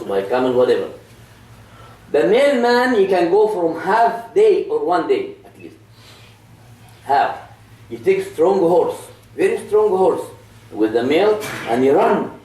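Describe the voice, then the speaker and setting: A man giving a Friday sermon as a story, talking haltingly, repeating phrases and slipping into Arabic, recorded in a mosque prayer hall. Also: a little high, warm tone. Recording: echoey hall, distant mic, faint hum.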